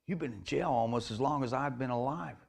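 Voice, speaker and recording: A man quoting a blunt streetwise woman, gravelly. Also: mid-range voice, brisk, pitched above the performer's own voice. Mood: wry. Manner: blunt, wry. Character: female hitchhiker-driver, thirty-five, blunt and streetwise.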